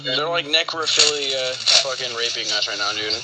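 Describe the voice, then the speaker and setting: A man's voice: medium pitch, normal speed, loud music behind the voice. A man chatting crudely with friends while playing a game, swearing and laughing along. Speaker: gaming friend. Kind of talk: casual banter while gaming. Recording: loud background noise.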